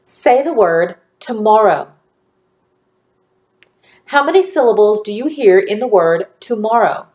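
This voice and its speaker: A woman teacher giving a phonics lesson to young children, speaking slowly and clearly with encouraging praise. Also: mid-range voice, expressive, a little mellow. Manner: slow, clearly enunciated, encouraging.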